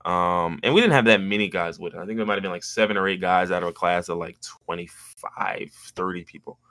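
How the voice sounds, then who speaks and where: A man co-hosting a podcast, telling a story in casual chat and jumping into high mimicking voices when he quotes people. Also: fairly quick, a bit bright, dry recording, clean studio sound. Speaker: podcast co-host.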